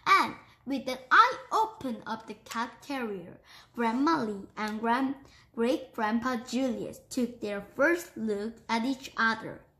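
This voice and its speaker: Slow, bright-voiced woman reading aloud. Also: a little high, expressive. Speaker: book reader. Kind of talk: reading a children's book aloud.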